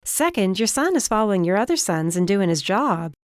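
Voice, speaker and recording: A woman's voice: mid-range voice, fairly quick, no room sound, clean studio sound, voice pushed up, lightly acted. A woman voicing a defiant young fire witch who speaks bluntly and sarcastically in an audiobook. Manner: flat, sarcastic.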